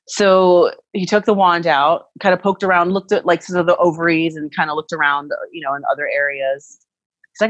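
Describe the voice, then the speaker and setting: Woman, thirties, casual storytelling, animated, lowish voice, dry sound. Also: fairly quick, no echo, dull audio. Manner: animated, acts out quoted voices.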